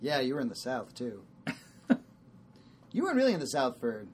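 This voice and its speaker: A young man co-hosting a podcast, chatting casually and joking, with quick bits of put-on voices for punchlines. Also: mid-range voice, huge pitch swings, a little hiss or hum. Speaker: podcast co-host. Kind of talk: casual chat.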